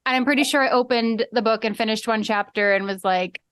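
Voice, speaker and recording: A woman co-hosting a friendly podcast, giggly and chatty, with lots of "like" in her talk. Her voice is fairly high and recorded dry and close, with no room around it. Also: fairly quick, fairly bright tone, clear, resonant tone, dry recording. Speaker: podcast co-host. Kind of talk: casual chat.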